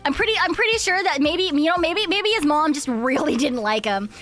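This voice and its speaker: High, bright young woman streamer, giggly. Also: expressive, brisk, soft background music. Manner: giggly, swears a lot, rambling and playful. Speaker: VTuber streamer. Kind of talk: casual live-stream chat.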